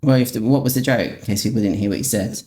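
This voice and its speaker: Male podcast host, mid-range voice, playful and teasing, quick to laugh. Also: medium pitch, dark tone. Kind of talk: casual chat.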